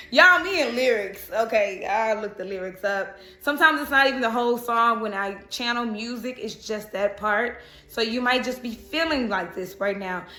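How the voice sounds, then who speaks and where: Chatty bright-voiced woman reading tarot. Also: a little high, roomy sound. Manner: chatty, laughs and breaks into song. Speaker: tarot reader.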